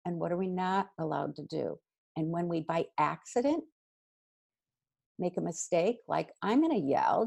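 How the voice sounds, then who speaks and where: A middle-aged woman, a guest expert, giving parenting advice in an energetic, emphatic conversational way. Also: lowish voice, creaky. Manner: energetic, emphatic, quick bursts of repetition.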